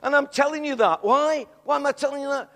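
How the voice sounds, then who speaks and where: A middle-aged man preaching a sermon, telling a story in an animated way that swells into excited shouts. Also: very high-pitched, fast, gravelly. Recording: long hall reverb.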